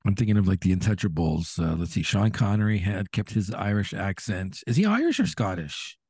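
A man co-hosting a podcast in casual chat, chatty and quick to laugh. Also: husky, dry recording, clean studio sound. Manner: chatty, laughs often, animated pitch swings. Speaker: podcast co-host.

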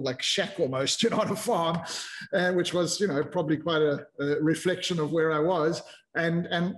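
A man in his fifties, a podcast guest telling his story in a candid, reflective way with frequent restarts. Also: high-pitched. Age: 50s. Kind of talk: casual interview chat.

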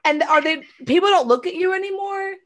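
A woman chatting casually and telling stories in an animated way, often acting out what others said. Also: very high voice, a little fast. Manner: animated storyteller, acts out quotes loudly. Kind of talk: casual chat.

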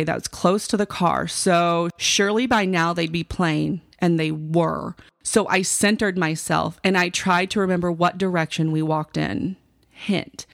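A woman's voice: fairly low pitch, gravelly, dry recording, studio quality. A woman hosting a talk show, telling a personal story in a chatty, casual way with asides to the listener.

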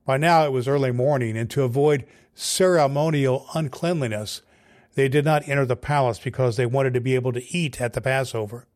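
A male pastor reads a scripture passage aloud. His pitch sits in a middle range. The reading is steady and clear. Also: fairly quick.

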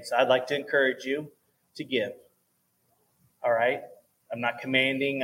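A man's voice: mid-range voice, fairly bright tone, poor audio. Casual earnest pastor, man. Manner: casual, earnest, chatty with fillers. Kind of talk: church offering talk. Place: church service.

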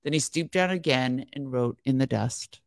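A woman's voice: extremely low pitch, normal speed, dry recording, studio quality. A woman co-hosting a devotional podcast, reading scripture aloud in an earnest voice and chatting casually between passages.

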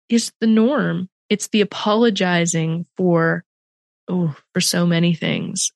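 A woman's voice: lowish voice, no echo. Reflective Canadian woman host, dry sound. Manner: reflective, emphatic, animated in places. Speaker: podcast host. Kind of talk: conversational interview.

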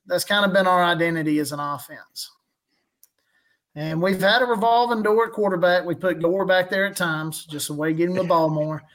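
A man's voice: high-pitched, steady tone, a little fast, fairly bright tone. A man, a guest chatting casually about his football team, rambling and chuckling as he tells stories. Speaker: guest fan podcaster. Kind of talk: casual chat.

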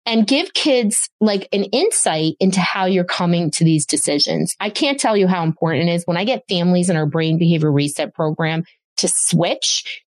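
A woman's voice: on the low side, no echo. Emphatic woman hosting a parenting podcast. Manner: emphatic, addresses parents directly. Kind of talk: solo podcast advice talk.

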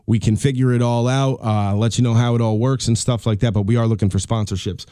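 A man's voice: medium pitch, steady tone, fast talker, mellow, smooth, no echo, studio quality. A middle-aged man hosting his own podcast, talking in a rambling, chatty, self-deprecating way. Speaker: podcast host. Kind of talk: casual solo podcast monologue.

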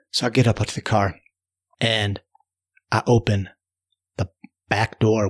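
A man telling a story in a chatty, animated way, chuckling now and then. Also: mid-range voice. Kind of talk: spoken storytelling.

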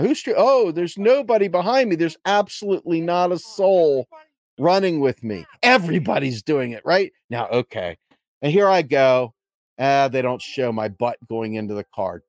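A middle-aged man hosting a casual livestream, talking in an animated, playful, self-mocking way. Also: mid-range voice, moderate pace, no room sound. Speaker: podcast host.

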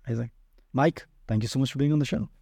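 A man's voice: mid-range voice, animated, vocal fry, warm tone, slightly rough, dry recording, clean studio sound. A man hosting a business podcast, upbeat and joking as he wraps up an interview. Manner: upbeat, joking, quick outro. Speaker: podcast host.

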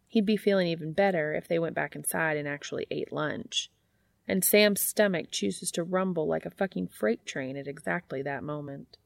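A woman reading fan fiction aloud in a steady, unhurried audiobook narration. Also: lowish voice, creaky, no echo.

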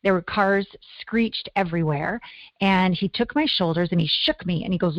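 A middle-aged woman from Canada, a guest telling her life story in an earnest, animated way. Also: lowish voice, moderate pace, no room sound. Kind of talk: interview storytelling. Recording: dull lo-fi audio.

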